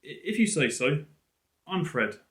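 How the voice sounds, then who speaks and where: A man's voice: on the high side, sing-song, measured pace, fairly bright tone, voice pushed up. A man voicing a shaken young boy who survived a plane crash, speaking hesitantly with small stammers. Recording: roomy echo.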